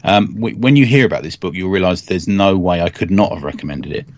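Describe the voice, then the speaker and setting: A man co-hosting a casual comics podcast, recapping a story in a deadpan, joking way. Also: low-pitched, brisk. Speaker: podcast co-host. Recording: dry, slightly dull podcast mic.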